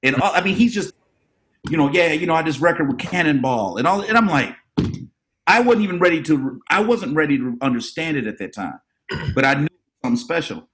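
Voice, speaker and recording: A middle-aged man, a drummer and educator, telling animated stories about his mentors as a podcast guest and acting out the voices of the people he quotes. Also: on the high side, a little fast. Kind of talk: casual storytelling interview.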